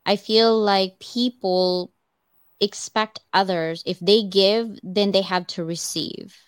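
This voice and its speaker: A woman hosts a relaxed talk and tells stories in a lively, chatty way. Her voice sits at an ordinary pitch, and it is recorded close and dry with almost no room sound. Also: slow, clear, resonant tone, no room sound. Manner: animated storyteller, chatty. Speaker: host. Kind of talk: casual chat.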